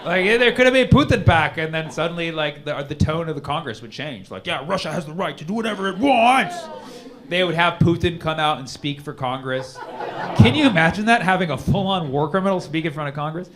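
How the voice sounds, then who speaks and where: A man's voice: a little high, animated, fairly quick, a crowd in the background. Rambling, chatty male stand-up comedian. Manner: rambling conversational, lots of "like" and "man". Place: comedy club stage. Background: audience laughter.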